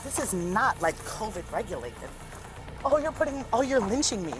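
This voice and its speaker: A woman's voice: mid-range voice, sing-song, normal speed, music in the background. A woman in her late twenties, being arrested and talking in a sarcastic, rambling way, caught on an officer's body camera outdoors by a police car. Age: late 20s. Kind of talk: rambling bodycam talk.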